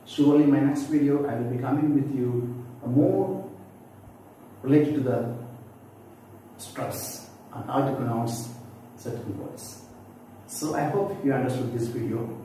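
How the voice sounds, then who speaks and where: A man with a mellow, mid-range voice patiently explains a lesson classroom-style, saying example words aloud repeatedly for practice. He speaks a little slowly with frequent pauses, recorded on a distant mic in a very echoey room with faint background noise.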